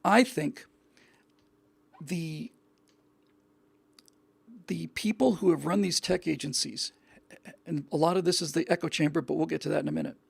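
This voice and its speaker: A man's voice: on the high side, moderate pace, gravelly, long pauses, slightly rough, no room sound. A male show host giving an earnest opinion monologue, often repeating words and restarting his sentences.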